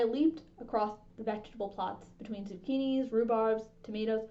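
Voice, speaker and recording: Casting: woman reading a storybook aloud, fairly high voice, steady and expressive, dull lo-fi recording. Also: normal speed. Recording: dull lo-fi sound.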